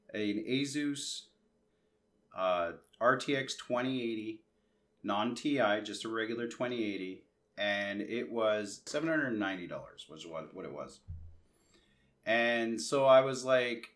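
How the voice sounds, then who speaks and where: A man from Canada rambles through a customer service story in an easygoing, conversational way. He slips into the other people's words as he quotes them and restarts his sentences often. His voice sits at an ordinary middle pitch. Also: unhurried, fairly bright tone. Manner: chatty, re-enacts conversations in quoted asides, frequent restarts. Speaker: tech vlogger.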